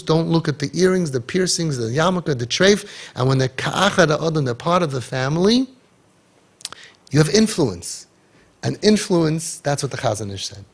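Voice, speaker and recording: A man giving an impassioned inspirational talk, animated, acting out bits of dialogue and repeating his key points. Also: on the high side. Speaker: inspirational speaker.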